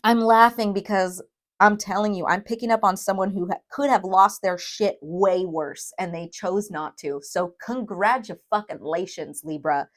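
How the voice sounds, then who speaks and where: Woman, tarot reading, medium pitch, emphatic, emotional, direct address. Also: steady tone, normal speed. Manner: emphatic, emotional, talks straight to viewers with frequent "okay?". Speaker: tarot reader.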